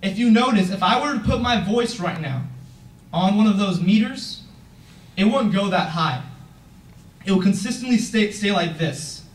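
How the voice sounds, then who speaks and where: High-voiced teenage boy speaking in an echoey hall. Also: animated, normal speed, pauses often. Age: teens. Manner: earnest, emphatic, asks the audience questions. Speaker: youth founder giving a talk. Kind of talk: motivational speech. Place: event room, heard from a distance. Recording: echoey room from far off.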